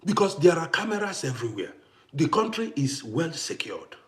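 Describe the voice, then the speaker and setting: A man's voice: a little high, very animated, moderate pace. A man with grown children, ranting to camera on his vlog in an emphatic, repetitive, challenging way. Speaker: vlogger. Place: living in Austria.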